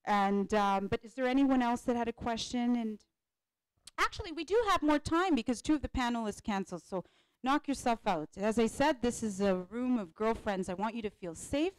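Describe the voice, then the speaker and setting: Woman panel speaker, motivational talk, fairly high voice, dry close sound, repeats herself, animated. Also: moderate pace, clear, resonant tone, dry recording. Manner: animated, repeats phrases, keeps asking "right?". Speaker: panel speaker and life coach. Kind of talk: motivational talk to a live audience. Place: conference hall.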